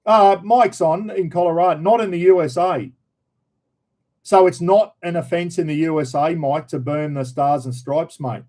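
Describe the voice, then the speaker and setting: Blunt Australian man, mellow voice. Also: a little high, moderate pace, poor audio. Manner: blunt, opinionated, slangy. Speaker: livestream host. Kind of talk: casual chat reading viewer comments.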